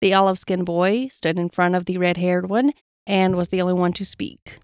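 Woman calmly reading spooky stories. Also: fairly low pitch, normal speed, clear, resonant tone, dry recording, studio quality. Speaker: podcast co-host telling stories. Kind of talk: casual storytelling podcast.

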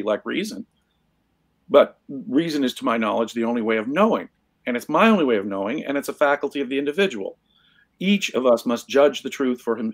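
A man's voice: mid-range voice, no echo. A man speaking as a podcast guest, making firm declarative points and repeating phrases for emphasis. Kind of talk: casual podcast discussion.

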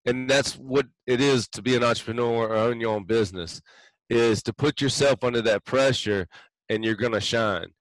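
A man's voice: on the low side, no echo, poor audio. A man who is a guest on a business podcast, telling his story in an earnest, heartfelt, reflective way with frequent ums. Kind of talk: interview storytelling.

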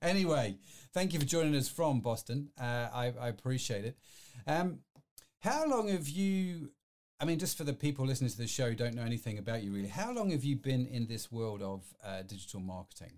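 A man's voice: medium pitch, lively intonation, fast talker, a little mellow. A man hosting a live-streamed podcast, chatty and rambling, full of fillers and restarts. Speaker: podcast host.

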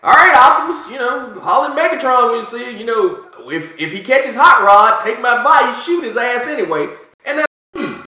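A man co-hosting a podcast, ranting in profane, animated casual chat with mocking asides. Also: very high voice, moderate pace. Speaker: podcast co-host. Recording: echoey room.

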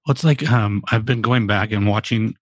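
A man's voice: fairly low pitch, moderate pace, dry recording. A man in his forties in a casual podcast chat, rambling and profane with lots of fillers. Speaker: podcast co-host.

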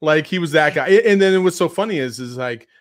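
A man's voice: a little high, animated, a little fast. A man co-hosting a podcast, blunt and playful in casual chat, laughing often. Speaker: podcast co-host.

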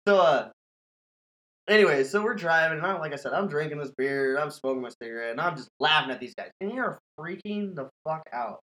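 A man's voice: a little high, expressive, fairly quick, fairly bright tone, low-quality recording. A man hosting a podcast, telling a scary story in casual, profane chat and laughing often. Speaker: podcast host.

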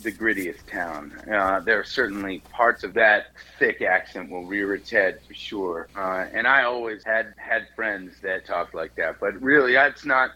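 Bright, chatty man with a low voice. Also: unhurried, hardly any pauses, poor audio. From Boston area, USA. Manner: loose, chatty, swears casually. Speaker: singer-songwriter guest. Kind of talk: casual interview chat.

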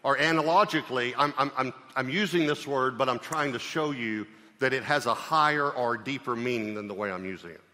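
A pastor delivering a sermon in an emphatic, conversational way, often checking in with the congregation through questions. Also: male voice, mid-range voice, a little fast, sharp tone. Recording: long reverb of a large hall.

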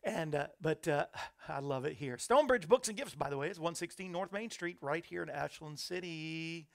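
Male host, gravelly voice, friendly running chatter into a studio mic. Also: a little high, moderate pace. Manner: chatty, reads viewer comments aloud, upbeat asides. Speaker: show host. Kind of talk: casual live-stream chat. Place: small studio under hot lights. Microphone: studio microphone.

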